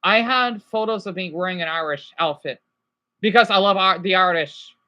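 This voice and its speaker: A man's voice: high-pitched, moderate pace, bright, forceful tone, lo-fi sound. A man chatting casually on a livestream from home, rambling between topics and swearing now and then.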